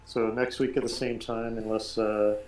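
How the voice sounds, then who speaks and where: A man playing in a tabletop game, chatting and joking in quick bursts after the session. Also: on the low side, flat delivery, a little mellow. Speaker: player. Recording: echoey room with faint noise.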